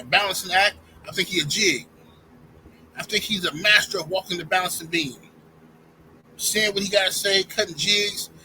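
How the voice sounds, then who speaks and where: A man's voice: high voice, pushed and bright, slight background noise, low-quality recording. A man giving an opinionated sports rant to his channel's viewers, heated and talking straight at them. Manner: heated, addresses viewers directly as y'all. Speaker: sports commentary YouTuber.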